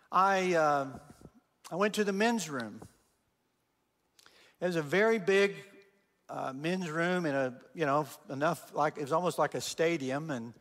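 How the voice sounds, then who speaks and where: Speaking as a guest preacher, a man whose voice sits high tells stories in his sermon with lots of animation, performing the quotes as he goes. His voice carries the sound of a big room.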